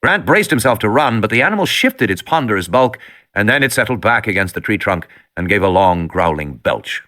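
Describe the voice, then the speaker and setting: A man's voice: fairly low pitch, big pitch swings, a little fast, pushed and bright. A man reading an audiobook with dramatic, tension-building storytelling. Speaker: audiobook narrator. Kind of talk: scripted narration.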